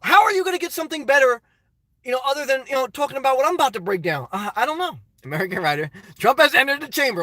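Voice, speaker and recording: A man's voice: very high-pitched, very animated, quick pace, sharp tone, no echo. A middle-aged man chatting casually on a live stream from his parked car, reading out viewers' messages and calling them brother.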